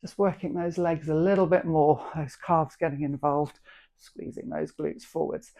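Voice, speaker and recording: A woman's voice: sits low, level tone, normal speed, creaky, dark tone. A middle-aged woman coaches an online dumbbell workout, calling out reps and form tips in an encouraging voice. She keeps a practical, friendly instructor's manner as she talks people through each move. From England. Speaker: fitness instructor.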